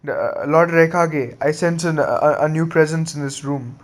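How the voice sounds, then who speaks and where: A man's voice: on the high side, a little slow, natural voice. A man voicing an alert male bodyguard who stammers. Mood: alarmed.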